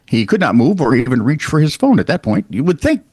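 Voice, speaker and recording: A man co-hosting a podcast, reading out odd news stories in a wry, animated storytelling way with casual asides. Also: on the high side, a little fast, slightly rough, dry recording. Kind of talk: casual comedic news chat.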